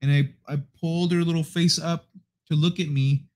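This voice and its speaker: A man's voice: on the high side, fairly even intonation, normal speed, darkish tone. A man hosting a livestream from his apartment living room, chatting casually to viewers at a desk microphone in a rambling, laid-back way with plenty of swearing. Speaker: livestream host.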